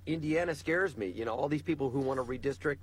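A man's voice: medium pitch, fast talker, husky. A male co-host in casual political chat, exasperated and sarcastic.

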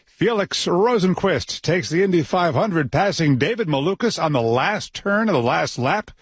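A man anchoring a radio newscast, reading headlines with a brisk, measured delivery. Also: on the high side, expressive, slightly rough, no room sound. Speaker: news anchor. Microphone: dry studio mic.

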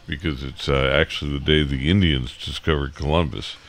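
A man's voice: a bass voice, fairly even intonation, fairly quick, a bit bright. A middle-aged man hosting a morning radio show, stuffy and sniffling from a cold, rambling with many fillers. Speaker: radio host. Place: radio studio.

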